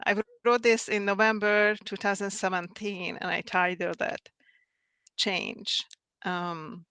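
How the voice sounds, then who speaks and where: A woman with a bright, clear voice who speaks very slowly and earnestly, often restarting her sentences. The sound is dry and close, as on a video call. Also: mid-range voice, flat delivery, no room sound. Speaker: host of a live video talk. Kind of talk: casual spiritual conversation.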